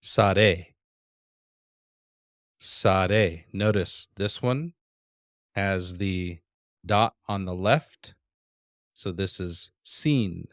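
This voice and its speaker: A man teaching a language lesson, patiently pronouncing vocabulary words and repeating each one slowly. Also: sits low, a bit bright, no echo, studio quality. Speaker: Hebrew teacher. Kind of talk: classroom lesson.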